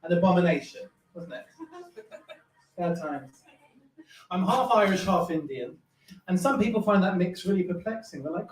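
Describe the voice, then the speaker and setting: Camp, animated man doing stand-up. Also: sits high, moderate pace, long pauses. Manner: camp, self-mocking, lively delivery. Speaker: stand-up comedian. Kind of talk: stand-up comedy set. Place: live comedy club with audience. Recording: echoey club, distant mic, crowd laughter.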